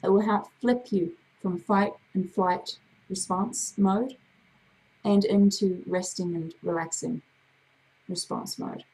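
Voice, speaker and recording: A woman hypnotherapist with a gravelly voice, leading a slow, soothing guided breathing exercise. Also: medium pitch, fairly even intonation, a little mellow, rough recording. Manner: slow, soothing, drawn-out guidance.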